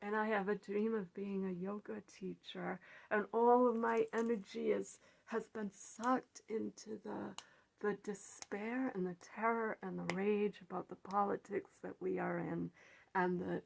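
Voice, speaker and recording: A woman in a personal reflective monologue, speaking haltingly with restarts and sometimes dropping to a soft near-whisper. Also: mid-range voice, steady tone, creaky, a little hiss or hum. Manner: halting, with repeated words and restarts. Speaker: vlogger.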